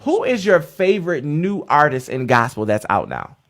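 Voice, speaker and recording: A young man hosts a morning radio interview, his voice sitting slightly high. He talks eagerly, hyping up events with plenty of fillers and restarts. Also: very animated, normal speed, fairly bright tone. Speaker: radio show host.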